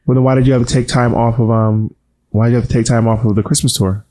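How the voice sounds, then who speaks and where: A man co-hosting a casual chat, speaking softly and holding back his voice after surgery, teasing and mock-indignant. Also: mid-range voice, flat delivery, fast. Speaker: podcast co-host.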